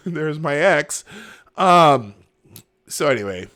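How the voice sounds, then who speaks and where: A male podcast host riffs on the news in a casual, sarcastic way. His pitch swings widely, and his voice has a bright, forceful edge. He laughs between lines and drops to a mumble before bursting out louder. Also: expressive, slow pace, pauses often. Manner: sarcastic, laughing, jumps between mumbling and loud mock outrage. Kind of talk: casual political commentary, reading headlines and tweets aloud. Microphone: camera and desk mic, live stream.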